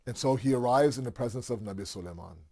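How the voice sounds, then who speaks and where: A man's voice: mid-range voice, fast talker, warm tone, slightly rough. A man telling a religious story in a casual, conversational way, with many fillers and asides.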